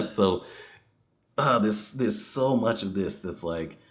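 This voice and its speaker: A man with a low voice talks through a bad movie in a loose, casual way. He rambles with plenty of "like" and "um," and chuckles at his own points. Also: lively intonation, slow. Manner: rambling, with frequent chuckles and fillers. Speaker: movie reviewer. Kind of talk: casual spoken review.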